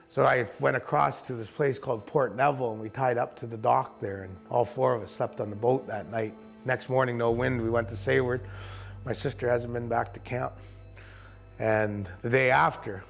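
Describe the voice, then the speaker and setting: A man's voice: mid-range voice, creaky. A man, a camp owner, vividly recounting an encounter outdoors and acting out the voices in his story. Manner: vivid storyteller who acts out quoted speech. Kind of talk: animated storytelling interview. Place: outdoors in a forested coastal camp.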